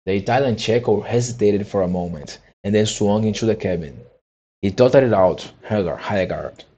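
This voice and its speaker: A man's voice: lowish voice, moderate pace, warm tone, husky, low-quality recording. A man reading a classic children's novel aloud, often stopping to restart and re-read phrases. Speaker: audiobook reader. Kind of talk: amateur storybook reading.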